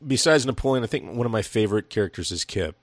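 A man's voice: on the low side, lively intonation, fast talker, no echo. A man co-hosting a podcast, chatting casually about a movie, rambling, swearing a lot and laughing often. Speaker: podcast co-host. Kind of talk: casual profane movie chat.

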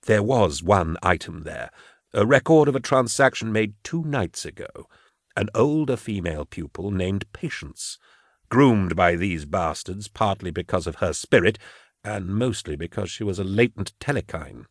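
A man's voice: sits low, lively intonation, a little slow, no echo, studio quality, full character voice. A man voicing a fussy, edgy young male interrogator who talks in a prim, jumpy, overly polite way in an audiobook.

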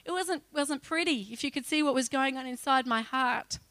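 A woman giving an emotional personal testimony as a church speaker, acting out her own pleas loudly as she tells the story. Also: sits high, moderate pace, no room sound. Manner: emotional storytelling that breaks into loud pleading re-enactments.

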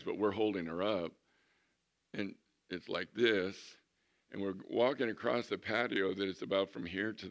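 A male pastor telling a testimony story in a sermon, animated and acting out what people said. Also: lowish voice, vocal fry.

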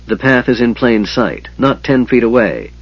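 A man voicing a patient, steady male half-elf leader who reasons calmly with his companions. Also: mid-range voice, normal speed, husky, no room sound, highs cut off.

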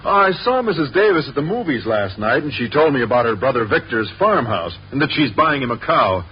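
A bashful science teacher, old radio. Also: male voice, mid-range voice, very animated, fairly quick, husky. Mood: earnest. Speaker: biology teacher. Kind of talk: 1950s radio sitcom acting. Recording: dull old radio broadcast with faint hiss.

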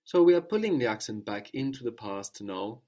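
A man's voice: mid-range voice, sing-song, moderate pace, warm tone. A man teaching a language lesson, patiently prompting with questions and repeating each answer.

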